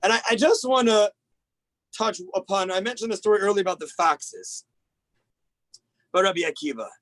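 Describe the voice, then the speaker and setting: Rabbi with a high voice preaching over a video call, a lively storyteller who acts out his quotes, dry sound. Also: moderate pace, no echo, poor audio. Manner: animated storytelling, acts out quoted rabbis with big pitch jumps. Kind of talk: Tisha B'Av sermon.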